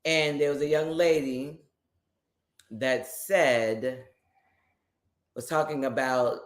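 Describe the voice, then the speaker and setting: A man's voice: medium pitch, takes it slowly. A man co-hosting a live stream in playful, teasing casual chat. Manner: playful, teasing, animated banter. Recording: roomy echo.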